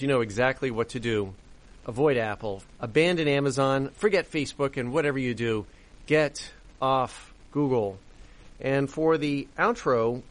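A man hosting a commentary show, indignant and emphatic, asking rhetorical questions. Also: mid-range voice. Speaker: podcast host. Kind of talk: commentary monologue.

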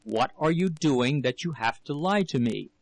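A grim, suspicious husband in a storybook reading, his words slow, clipped and hard, as a male narrator voices him. The voice is gravelly with a dry, close sound, and the pitch is middling. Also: no echo, poor audio. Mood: hard, accusing.

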